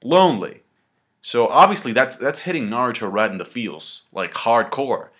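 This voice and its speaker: A man giving a casual manga review, excited and slangy, swearing freely and talking the chapter through. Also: mid-range voice, normal speed, breathy edge.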